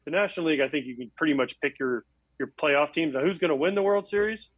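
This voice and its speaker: A man's voice: on the high side, no echo, low-quality recording. A man in his forties, a former baseball catcher, chatting as a guest and telling stories about himself. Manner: fast, chatty, self-deprecating storyteller. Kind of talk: casual chat.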